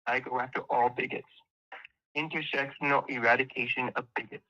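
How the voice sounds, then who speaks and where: A man's voice: medium pitch, fairly even intonation, a little fast, pushed and bright, lo-fi sound. A man arguing in a heated online debate, sarcastic and combative, hammering the same pointed questions.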